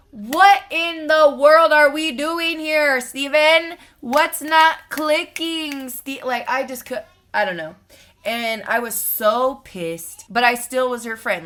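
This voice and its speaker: A woman's voice: medium pitch, a bit bright. A woman in her twenties telling a storytime to her channel, blunt and profane, exasperated as she retells it. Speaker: vlogger. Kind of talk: storytime monologue.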